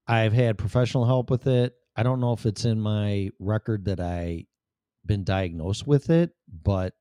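A man's voice: on the low side, dark tone, no echo, studio quality. A middle-aged man talking candidly to the camera in a blunt, rambling, profane way. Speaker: vlogger. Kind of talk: candid personal monologue.

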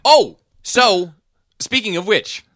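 A man's voice: high voice, animated, slow, fairly bright tone, dry recording, clean studio sound. A man hosting a podcast in casual chat, rambling and profane as he retells scenes. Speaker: podcast host.

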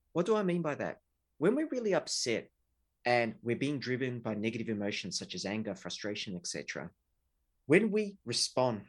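Husky man explaining relationships. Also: mid-range voice. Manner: earnest, explaining with examples. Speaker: relationship researcher. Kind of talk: explanatory interview talk.

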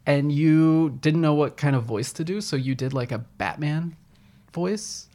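A man's voice: fairly high pitch, unhurried, mellow. A man in his thirties from Virginia, co-hosting a podcast and telling rambling anecdotes. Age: 30s. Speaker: podcast co-host. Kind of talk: casual chat.

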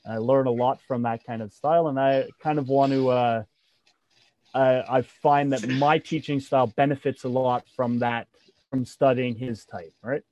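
A man's voice: medium pitch, steady tone, moderate pace, a little mellow, no echo. A man who competes in and teaches jiu-jitsu, talking in a casual interview with many fillers and restarts. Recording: dull, dry sound.

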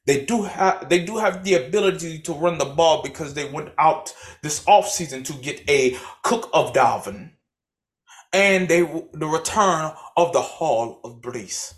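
A man's voice: fairly high pitch, lively intonation, measured pace. A young man co-hosting a casual sports podcast, talking in a mock-formal, wordy analyst style. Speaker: podcast co-host.

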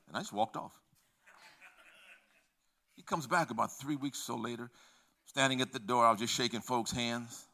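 An older man preaching a sermon as pastor, swinging between hushed, low passages and loud, emphatic ones, acting out conversations from his stories. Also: moderate pace, pauses often.

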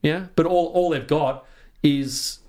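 A man's voice: on the high side, slow, darkish tone. An Australian man talking as a podcast guest in casual conversation, passionate and sweary, often restarting his sentences.

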